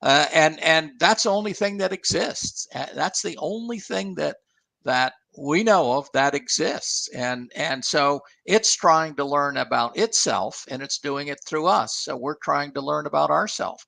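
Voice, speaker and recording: Older male guest, gravelly and bright-toned, dry close mic, halting and reflective. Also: on the high side, lively intonation, no echo. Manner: halting, many restarts and fillers, thoughtful. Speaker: guest, former engineer and author. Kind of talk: casual interview talk.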